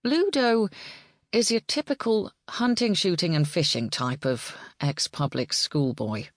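Casting: woman reads a relaxed young Englishman, teasing, low dry voice. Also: measured pace, no room sound. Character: young English man, a cheerful designer.

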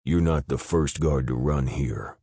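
A man voicing a hardened male convict who snaps and shouts short orders. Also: rumbling low, unhurried, breathy edge, dry recording, studio quality, heavily acted. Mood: urgent. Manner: curt, snapping, shouting orders. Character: hard, grim male convict fighting his way out.

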